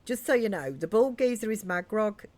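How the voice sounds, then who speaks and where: A woman's voice: medium pitch, lively intonation, normal speed, a little mellow, pitched above the performer's own voice, lightly acted. A woman voicing a young Cockney woman, a pub landlord's daughter, blunt and cheeky in her slang. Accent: Cockney put-on. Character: chirpy Cockney barmaid's daughter, blunt and bossy.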